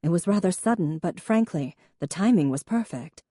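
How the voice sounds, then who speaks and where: A woman's voice: fairly low pitch, expressive, moderate pace, mellow, no echo, studio quality. A woman voicing a refined, poised female professor who speaks in a genteel, formal way.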